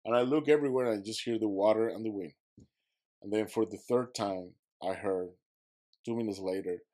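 A man's voice: on the low side, a little fast, warm tone. A man who is a podcast guest, telling a vivid story and acting out his own quotes, in slightly broken English.

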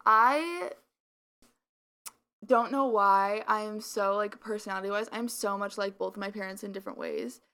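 A woman's voice: medium pitch, moderate pace, a bit bright, clean tone. A young woman co-hosting a podcast in casual chat, rambling with lots of filler words and a slight mumble. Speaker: podcast co-host.

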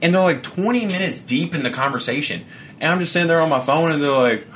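A man in casual chat who rants with lots of swearing, laughs as he talks, and mocks other people in flat put-on voices. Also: on the high side, quick pace, slight background noise. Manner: laughs often while talking.

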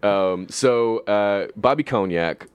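A man's voice: on the low side, slow, clear, resonant tone, no room sound. A man in his thirties casually telling a profane, laugh-filled story about old coworkers on a podcast. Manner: swearing, laughing storyteller who mimics coworkers. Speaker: guest storyteller.

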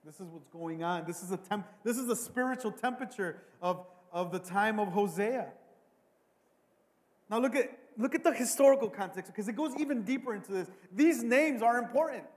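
A man preaching a sermon as a pastor, swinging between hushed asides and loud, emphatic bursts, often repeating words. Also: high voice, expressive, fairly quick, in a large hall.

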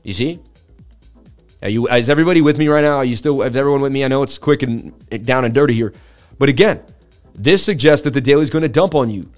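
A man hosting a live market-analysis stream, talking in a chatty, excitable way and turning to his viewers to answer chat between chart readings. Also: mid-range voice, fast talker, soft background music. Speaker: livestream host.

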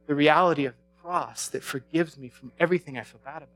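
A man's voice: on the high side, fast talker, hardly any pauses, a bit bright. A man leading a Bible study, preaching in a casual, chatty way, laughing often and restarting his sentences. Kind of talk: sermon.

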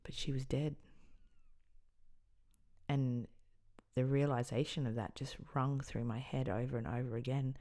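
A young Australian woman hosting a podcast, earnestly recounting a personal story and often dropping into quiet, near-whispered lines. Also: extremely low pitch, fairly even intonation, unhurried, long pauses. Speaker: podcast host.

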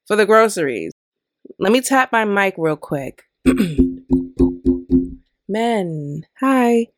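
A woman's voice: medium pitch, no room sound, studio quality. A woman hosting a podcast, delivering an opinionated commentary rant full of exasperated rhetorical questions. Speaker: podcast host.

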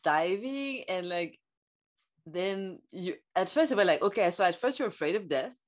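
A woman's voice: fairly low pitch, animated, moderate pace. A woman co-hosting a podcast, chatting casually and hesitantly, searching for words with many fillers. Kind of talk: casual conversation.

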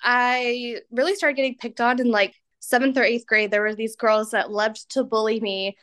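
Chatty young woman, a touch high. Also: steady tone, moderate pace, a bit bright. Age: 20s. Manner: chatty, laughs often, self-mocking. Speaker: podcast guest. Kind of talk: candid personal storytelling.

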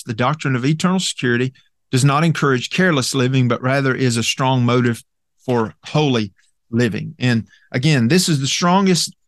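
A man teaching through a Bible passage in an earnest, emphatic way, often pausing with "uh" and checking in with "okay?". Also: medium pitch, fairly bright tone, no echo, studio quality.

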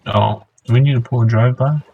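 A man's voice: mid-range voice, fairly even intonation, quick pace, phone-quality sound, a little hiss or hum. A man joking and teasing his friend in casual chat while they play a game together. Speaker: gamer.

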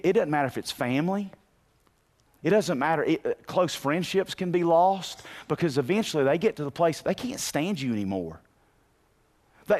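A man preaching a sermon in an animated way, asking the congregation questions and rising to shouts. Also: fairly high pitch. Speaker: pastor.

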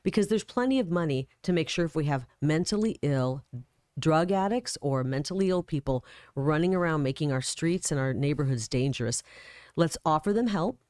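Brisk, emphatic middle-aged woman. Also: low-pitched, expressive, a little mellow, no room sound, clean studio sound. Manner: brisk and emphatic, laughs easily. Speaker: political candidate. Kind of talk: casual interview chat.

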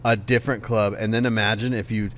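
A man's voice: fairly low pitch, level tone, fast talker, fairly bright tone, a little hiss or hum. A man hosting a podcast, reacting with enthusiasm and chiming in during a guest's story. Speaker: podcast host. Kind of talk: casual chat.

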